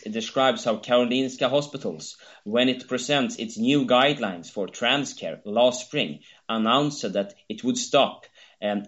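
A man's voice: mid-range voice, a bit bright. Hesitant male guest. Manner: hesitant, many fillers and restarts. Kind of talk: casual talk show conversation. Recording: dull lo-fi sound.

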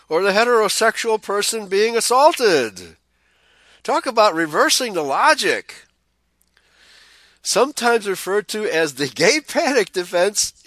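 Here the commentary host's voice is high-pitched and a bit bright, recorded without echo. He reads the news aloud, adds scornful, sarcastic remarks, chuckles frequently and trips over repeated words.

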